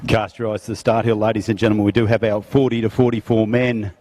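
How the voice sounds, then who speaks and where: A man calls a bike race on a public address system, speaking in an even, steady tone. He announces riders and addresses the crowd at an outdoor track. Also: fairly low pitch, fast talker, a little hiss or hum. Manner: showman calling to the crowd. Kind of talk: live race commentary.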